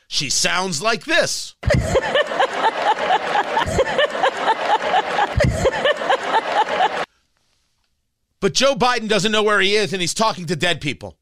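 A man's voice: sits high, pushed and bright, dry recording. A man hosting a political talk show, ranting in a combative, scornful opinion monologue.

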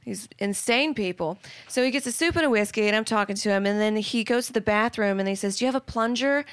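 Woman, podcast guest, storyteller, acts out quotes, middle pitch, dry close mic. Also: quick pace, smooth, no echo. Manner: animated anecdote teller, acts out quotes. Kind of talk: casual storytelling chat.

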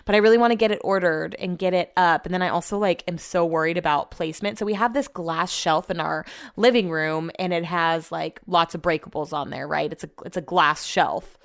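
A woman's voice: fairly low pitch, fairly quick, vocal fry, few pauses. A young woman hosting a casual solo podcast from home, rambling and chatty with lots of fillers and restarts. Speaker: podcast host. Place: home, upstairs room.

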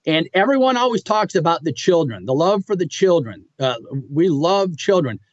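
A man's voice: a little high, sing-song, moderate pace, dry recording, highs cut off. A man appearing as an economics guest on a talk show, speaking in an upbeat way as he signs off.

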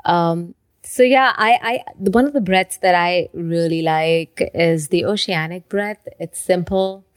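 A woman teaching breathwork, guiding a breathing exercise with calm, slow instructions and counted breaths. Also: lowish voice, no echo.

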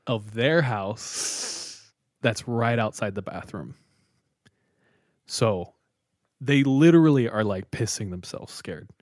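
A man's voice: fairly low pitch, slow pace, long pauses, no room sound, studio quality. A man co-hosting a podcast, telling a story casually and acting out the quoted lines with bursts of laughter. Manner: animated, acts out quotes, laughs often. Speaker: podcast co-host.

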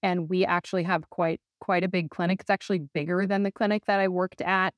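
A woman's voice: on the low side, level tone, a little fast, dry recording. A friendly woman doctor speaks with a light Minnesotan accent. She chats easily as a podcast guest. Her voice sits in a dry, close recording. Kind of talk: casual podcast interview.

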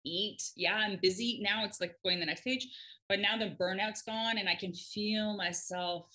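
A woman talking as a podcast guest in casual chat, animated, laughing often and swearing freely. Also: mid-range voice, normal speed.

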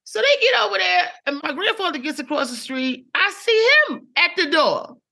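Woman, bright voice, theatrical storyteller, casual chat. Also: very high-pitched, animated, normal speed, gravelly. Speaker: guest comedian.

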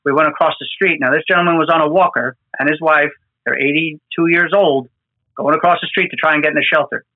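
Recounting field experiences from a New York fire department disaster response team, a man speaks fast in a slightly high, steady voice. His manner is earnest and emotional with many repeated words. The audio is tinny and phone-like, with no room sound.

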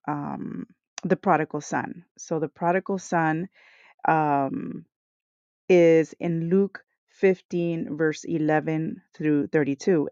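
A woman's voice: low voice, darkish tone, smooth, no echo. A woman hosting a podcast, giving a casual devotional reflection in an earnest, rambling way, full of "like" and "you know", on a small computer microphone. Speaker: podcast host. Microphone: small computer microphone, recording live. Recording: dull lo-fi, dry sound.

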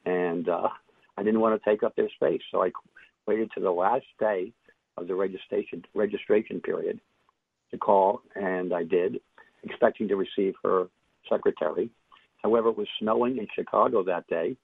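Deep, gravelly older man over a tinny phone line. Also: fairly even intonation, no echo. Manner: reflective, halting with many fillers and restarts. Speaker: interview guest, author. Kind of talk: casual storytelling interview.

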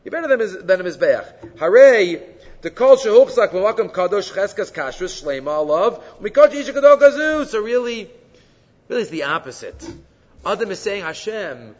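A man's voice: high-pitched, very animated, moderate pace. A man, teaching a weekly Torah class, asking rhetorical questions and moving between Hebrew quotes and English explanation. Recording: muffled audio, long hall reverb.

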